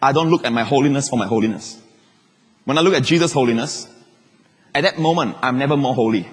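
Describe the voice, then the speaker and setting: A male pastor preaching a sermon in an emphatic way, repeating phrases and moving between shouts and quiet asides. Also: mid-range voice, fast talker, breathy edge. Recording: long reverb of a large hall.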